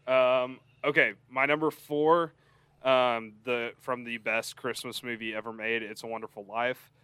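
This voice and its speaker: Bright-voiced, laid-back male co-host. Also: mid-range voice, little pitch movement, measured pace, clean tone, no room sound. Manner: laid-back, filler-heavy. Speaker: podcast co-host. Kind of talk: casual chat.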